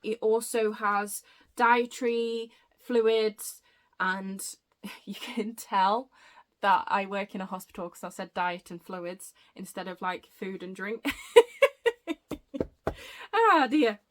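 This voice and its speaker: A woman chatting excitedly on her book vlog, gushing and rambling with self-interruptions, a bit out of breath. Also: medium pitch, takes it slowly. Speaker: book vlogger. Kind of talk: casual chatty book review.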